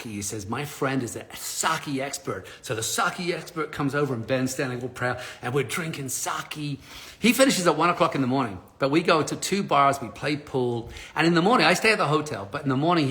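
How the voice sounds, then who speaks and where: Bright animated middle-aged male storyteller. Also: mid-range voice. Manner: animated storyteller acting out dialogue. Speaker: live stream host, speaker on change. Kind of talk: storytelling to a live audience.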